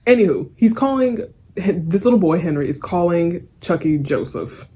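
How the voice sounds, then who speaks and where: A woman's voice: fairly low pitch, expressive, moderate pace, mellow, breathy edge. A young woman giving a casual spoken review of a TV episode, rambling and giggly, with lots of fillers and restarts. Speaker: TV series reviewer.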